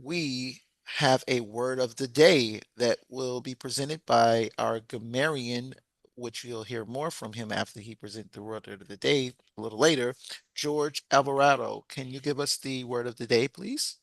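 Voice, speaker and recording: A man presiding over an online club meeting, friendly and halting, often restarting his sentences. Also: medium pitch, creaky, no room sound. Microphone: video call.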